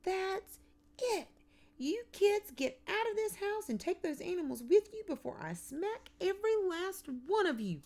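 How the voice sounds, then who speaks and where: A woman reading an audiobook, voicing an exasperated mother who scolds and shouts at her boys. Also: extremely high pitch, very animated, a little slow, voice pushed up, heavily acted. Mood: shouting.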